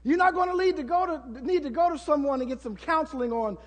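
A man preaching a sermon as pastor, building to shouts and acting out prayers to the congregation. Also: very high-pitched, animated, fairly quick, hardly any pauses, in a large hall.

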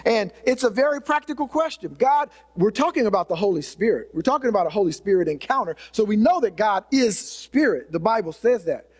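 High-voiced preacher man in a reverberant hall. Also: expressive, fairly quick, hardly any pauses. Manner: earnest, conversational preaching with repeated restarts. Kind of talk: sermon.

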